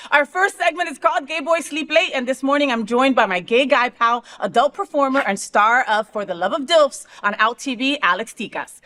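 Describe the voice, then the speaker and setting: A chatty woman from New Jersey hosts with a joking, easygoing manner. Her voice sits high and sounds bright and forward. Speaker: host. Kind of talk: casual chat.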